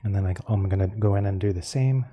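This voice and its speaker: A man teaching a painting lesson, explaining each step calmly and unhurriedly as he works. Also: fairly low pitch, quick pace, highs cut off, a little hiss or hum. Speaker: painting instructor.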